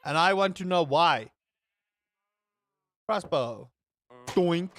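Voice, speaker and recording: Excitable, foul-mouthed gaming man. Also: a little high, slow pace. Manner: excitable, swears freely, rambling asides. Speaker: gaming streamer. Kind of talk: casual let's-play commentary.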